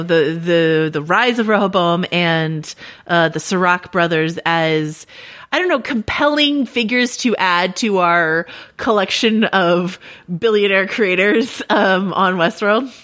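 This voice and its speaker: A woman co-hosting a TV recap podcast, chatty and quick to laugh, with plenty of fillers and restarts. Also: mid-range voice, fairly bright tone. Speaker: podcast co-host. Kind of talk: casual TV recap podcast chat.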